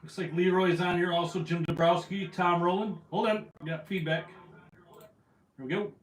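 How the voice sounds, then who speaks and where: A man's voice: high-pitched, steady tone, moderate pace. A man hosting a casual fishing livestream from home, a little out of breath, greeting viewers by name. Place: at home indoors. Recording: roomy echo.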